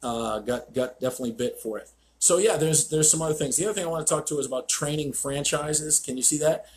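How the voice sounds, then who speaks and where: Man, slightly high voice, blunt and profane, casual stream chat, tells stories. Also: fast. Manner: blunt, profane, storytelling with acted quotes. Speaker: dog trainer, show host.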